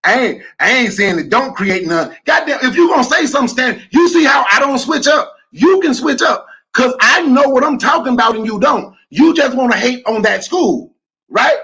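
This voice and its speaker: A man arguing hard on a podcast, repeating his questions and talking over his co-host. His voice sits very high, bright and sharp, with a husky edge. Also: animated, moderate pace, poor audio. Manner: loud, combative, repeats questions. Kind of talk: heated debate.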